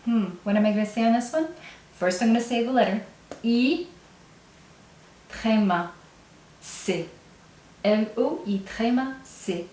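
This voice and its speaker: A woman's voice: on the high side, a little slow, long pauses, a little mellow, echoey room. A woman teaching a language lesson patiently, step by step, often checking in with the learner. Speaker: French teacher.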